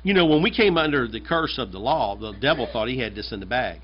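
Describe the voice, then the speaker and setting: A man's voice: mid-range voice, animated, fast talker, hardly any pauses, husky. A man from the United States, a pastor, preaching a conversational and emphatic sermon, often repeating his phrases. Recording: dull lo-fi sermon recording.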